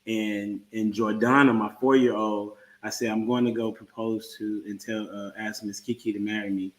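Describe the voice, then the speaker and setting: A man in his thirties hosting a casual livestream chat, telling a story in a laid-back, halting way with lots of fillers. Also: on the low side, little pitch movement, rough recording. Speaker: podcast host.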